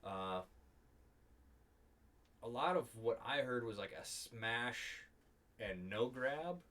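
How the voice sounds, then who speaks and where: A man voicing a friendly male orc innkeeper in a tabletop game, speaking a bit lower and quieter, with hesitant pauses. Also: expressive.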